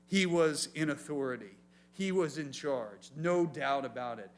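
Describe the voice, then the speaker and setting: A man as youth pastor, preaching an animated sermon and asking the room questions. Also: on the high side, measured pace. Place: church youth meeting room.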